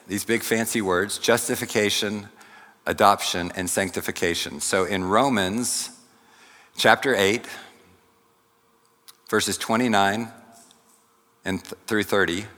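Slow-preaching man in a reverberant hall. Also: lowish voice, fairly bright tone. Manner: slow, deliberate teaching with asides to the congregation. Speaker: pastor. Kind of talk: sermon.

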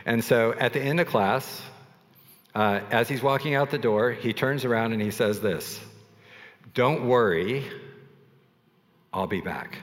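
A male pastor preaching in a relaxed, conversational way, telling stories with self-deprecating asides. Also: medium pitch, moderate pace, in a large hall. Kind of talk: sermon.

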